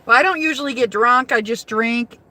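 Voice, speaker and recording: Bright-voiced chatty woman driver. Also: fairly high pitch, normal speed. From Michigan. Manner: chatty, salty, laughs easily. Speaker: rideshare driver livestreaming. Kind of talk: casual livestream chat. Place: inside a car.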